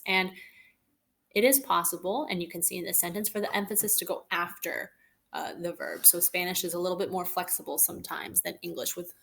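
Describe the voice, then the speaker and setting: A woman's voice: medium pitch, a bit bright. A woman teaching Spanish, narrating a recorded lesson over slides and patiently explaining example phrases in English and Spanish.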